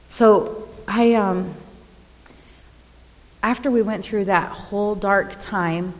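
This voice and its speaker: A woman giving a sermon, retelling scripture in an expressive, dramatic way. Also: medium pitch, in a large hall, poor audio. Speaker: preacher.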